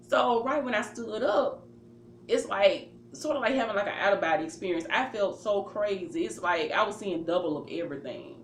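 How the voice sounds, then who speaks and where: A woman's voice: a little high, moderate pace. A woman casually telling a personal story. She acts out her own reactions and leans on fillers as she goes. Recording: roomy with faint ambient noise.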